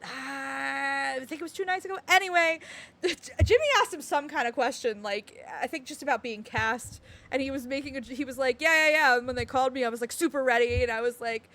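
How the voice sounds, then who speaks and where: A woman's voice: sits high, steady tone, a little fast, fairly bright tone. A woman streamer chatting casually and reading game text aloud, giggling often.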